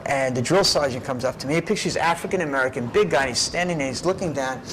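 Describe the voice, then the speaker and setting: A middle-aged man telling his life story in an interview, animated and often tagging his lines with "right?". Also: mid-range voice, fast, noisy background. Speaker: documentary subject.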